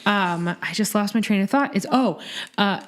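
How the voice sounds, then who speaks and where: A woman co-hosting a casual podcast recap, animated and jokey with lots of swearing. Her pitch sits in a middle range for a woman. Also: moderate pace. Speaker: podcast co-host.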